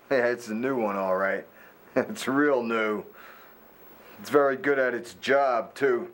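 An actor playing a gruff middle-aged army general who talks curtly and laughs grimly. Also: male voice, mid-range voice, slow, lightly acted. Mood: grimly amused. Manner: curt, with grim laughter. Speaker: military general.

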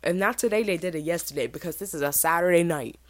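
A woman in her twenties hosting a podcast, telling a story in a chatty, animated way and feeling a bit sick. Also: quick pace, no room sound. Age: 20s. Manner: chatty, animated, mimics other people in high voices. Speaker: podcast host. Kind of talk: casual storytelling monologue.

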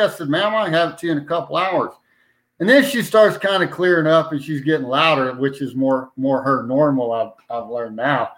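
A man's voice: a little high, moderate pace, a bit bright, rough recording. A man casually telling a long story in a folksy, rambling way, often circling back with "anyway.". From New Mexico. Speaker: podcast guest, citizen petition organizer.

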